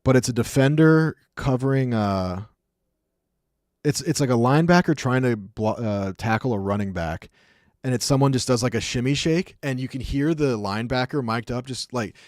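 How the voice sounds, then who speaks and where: A young man chats his way through hockey replays as a streamer, loose and rambling, full of "like" and "um". His voice sits at an ordinary middle pitch. The sound is dry and close, with no room echo. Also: moderate pace, a little mellow. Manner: chatty, rambling, acts out sounds, many fillers. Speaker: streamer breaking down hockey clips. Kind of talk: casual commentary.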